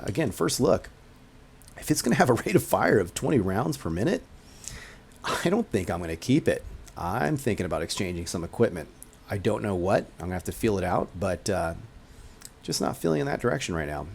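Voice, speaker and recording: A man's voice: fairly low pitch, a little mellow. A man hosting his own game channel, giving gameplay commentary as he thinks aloud, hedging often and explaining mechanics to newcomers. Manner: musing, thinking aloud with frequent hedges.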